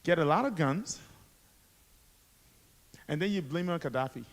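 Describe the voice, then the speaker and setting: A man's voice: on the high side, lively intonation, measured pace. Man speaking in an echoey hall. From Liberia. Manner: dramatic storytelling with rhetorical questions to the audience. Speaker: guest speaker, author and activist. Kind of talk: motivational school assembly speech. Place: school assembly hall.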